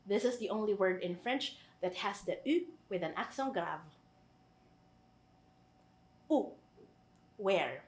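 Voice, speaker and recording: A woman with a Filipino accent teaching a French grammar lesson, patiently repeating each French phrase and translating it. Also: mid-range voice. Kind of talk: online language lesson.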